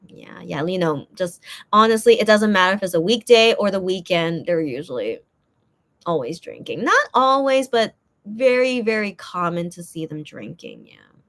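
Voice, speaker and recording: A woman's voice: fairly low pitch, expressive, moderate pace, fairly bright tone. Chatty woman rambling to her viewers. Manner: chatty, rambling, many restarts and fillers. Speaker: live stream host. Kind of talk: casual chat reading viewer comments.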